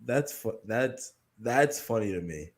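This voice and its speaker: A man co-hosting a podcast, talking in a relaxed, drifting way and swearing a lot. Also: medium pitch, slow pace. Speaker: podcast co-host. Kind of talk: casual chat.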